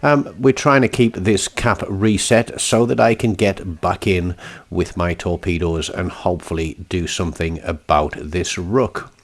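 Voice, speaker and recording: A man's voice: low voice, a little slow. A man giving casual, rambling commentary over his own gameplay, laughing at his own jokes with frequent ums.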